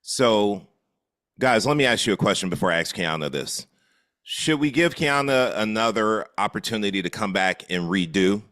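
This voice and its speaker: A man's voice: on the low side, expressive, normal speed, a bit bright, no room sound, clean studio sound. A man, a real estate coach, giving encouraging feedback on a group video call and often repeating words as he starts.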